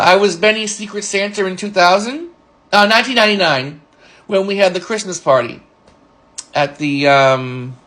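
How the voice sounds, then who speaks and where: A man in his forties telling rambling, halting stories about an old friend and coworker. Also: on the high side, a bit bright. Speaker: storyteller recalling a friend. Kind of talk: casual spoken reminiscence.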